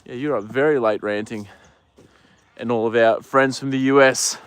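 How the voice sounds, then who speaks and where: A man with an Australian accent, livestreaming from a paddock on his phone, chatting casually with viewers and talking gently to the horses. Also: mid-range voice, steady tone, moderate pace, clear, resonant tone, no room sound. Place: outdoor paddock.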